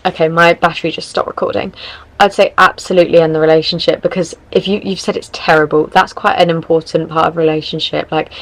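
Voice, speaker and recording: Woman, young adult, tired, rambling casual podcast chat, lowish voice. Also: poor audio. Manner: chatty, rambling, frank. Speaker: podcast host.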